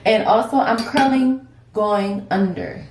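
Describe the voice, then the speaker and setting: A woman's voice: on the high side, slow pace, darkish tone. A young woman vlogging while styling a wig at home, talking candidly and swearing freely in casual girl-talk. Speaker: beauty vlogger. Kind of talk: casual chatty vlog. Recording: echoey room with faint noise.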